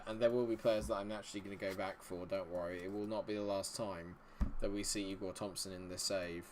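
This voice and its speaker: A young man giving casual, rambling commentary while he plays a football management game, with excitable bursts. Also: on the low side, slight background noise. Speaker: gaming video host.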